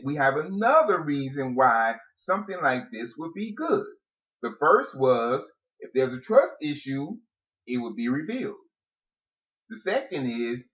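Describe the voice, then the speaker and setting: A man's voice: on the high side, a bit bright. A man co-hosting a casual chat with his wife, laughing often and laying out his points step by step. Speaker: podcast co-host. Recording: dull lo-fi audio.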